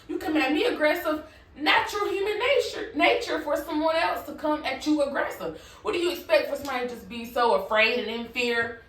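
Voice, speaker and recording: A fairly high-voiced woman tells a storytime tale to her channel in a loose, conversational way, swearing freely and checking in with "you feel me." Her voice is set back from the mic, and the room around her rings with echo. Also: a bit bright. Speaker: vlogger. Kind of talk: casual storytime. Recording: echoey room, voice from a distance from the mic.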